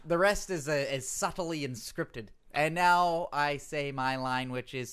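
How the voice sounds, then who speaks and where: A man's voice: fairly high pitch, measured pace, a bit bright, smooth. A man co-hosting a podcast in casual chat, wry and teasing, sometimes putting on playful voices. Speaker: podcast co-host.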